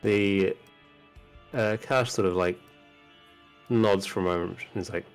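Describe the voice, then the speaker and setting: A man narrating a tabletop game as game master, describing scenes in an unhurried way. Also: low voice, fairly even intonation, clean tone, soft background music.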